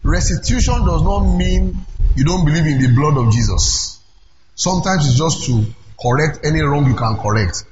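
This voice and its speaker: A middle-aged Nigerian-accented man preaching a conference sermon, animated and breaking into shouts. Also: a little high, normal speed. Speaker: pastor. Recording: echoey, dull, noisy hall recording.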